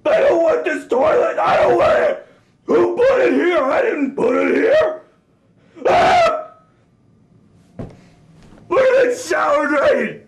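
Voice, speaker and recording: A man's voice: extremely high pitch, sing-song, a little slow, creaky, raised voice, exaggerated voice, rough recording. A man playing a melodramatic, lonely young man who whines and shrieks through theatrical rants in a comedy sketch. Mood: ranting.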